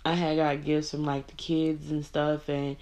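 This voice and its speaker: A woman's voice: low voice, completely flat delivery, unhurried, a little mellow. A woman telling a personal story to the camera in a casual storytime monologue, blunt and profane, with many "like" and "you know" fillers.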